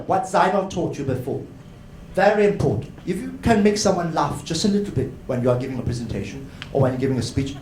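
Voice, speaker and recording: High-voiced man lecturing in echoey hall. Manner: animated, addresses crowd as ladies and gentlemen. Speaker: conference speaker. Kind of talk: educational talk to an audience. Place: hotel conference hall. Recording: echoey hall, faint noise.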